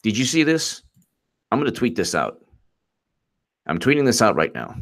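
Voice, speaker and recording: Animated, mocking male political commentator. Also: mid-range voice, normal speed. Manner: rambling, mocking, laughs often. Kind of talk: live-streamed political commentary.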